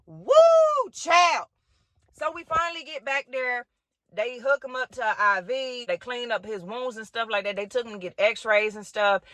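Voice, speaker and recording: A woman tells a family storytime straight to camera, animated and full of slang and the odd curse. Her voice is bright and forward. The sound is dry and close, with no room around it. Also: on the high side, moderate pace, dry recording. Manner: animated, talks straight to viewers with slang and swearing. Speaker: vlogger. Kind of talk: storytime vlog.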